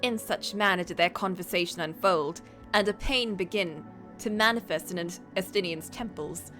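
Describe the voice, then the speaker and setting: A woman's voice: lowish voice, normal speed, bright, forceful tone, soft background music. A woman streamer reading a story aloud in a casual way, with playful, chatty asides.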